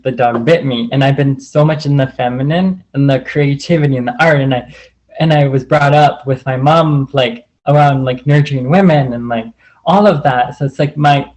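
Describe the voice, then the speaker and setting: A man's voice: medium pitch, poor audio. A man on a video call telling a personal story in a rambling way, full of "like" and acted-out quotes. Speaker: group call participant.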